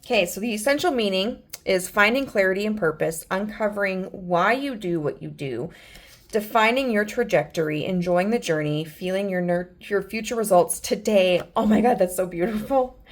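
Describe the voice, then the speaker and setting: A woman giving a pick-a-card tarot reading, gentle and earnest, with many fillers and restarts. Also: medium pitch, normal speed. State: emotional, near tears. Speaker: tarot reader.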